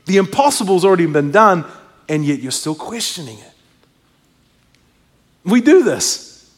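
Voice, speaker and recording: High-voiced preacher in a reverberant hall. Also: male voice, measured pace. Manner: conversational, animated preaching with asides. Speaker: pastor. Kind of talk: sermon.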